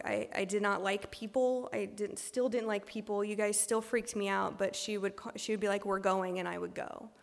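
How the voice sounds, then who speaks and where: Creaky-voiced woman sharing her story in a hall. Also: mid-range voice. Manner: candid and self-deprecating, many ums and restarts. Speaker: speaker sharing her recovery story at a meeting. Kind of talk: personal testimony talk.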